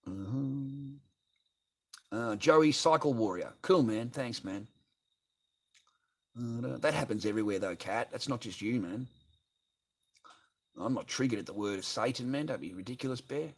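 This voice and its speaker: An Australian man rants on a live stream in a voice of ordinary middle pitch. He swears freely and talks in a blunt, combative way. He reads viewers' comments aloud and argues back at them. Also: measured pace, pauses often. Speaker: livestreamer. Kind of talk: ranting live stream chat.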